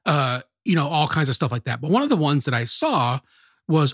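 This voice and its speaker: A man's voice: on the high side, very animated, moderate pace, a bit bright, slightly rough, no room sound. A man co-hosting a music podcast, telling stories and making dry jokes in casual chat. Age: adult past college age. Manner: storytelling, dry joking. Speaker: podcast co-host.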